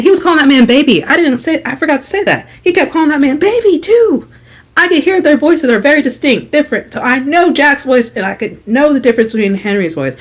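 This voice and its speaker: A young woman vlogger telling a story in casual chat, animated and dramatic, with lots of "like". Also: high-pitched. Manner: chatty, full of "like", dramatic retelling.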